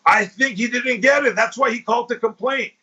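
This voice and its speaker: This male podcast host's voice is extremely high and brisk, with a crowd audible behind him on the lo-fi recording. In casual chat he spins crude stories thick with swearing, performing people's quotes as he goes.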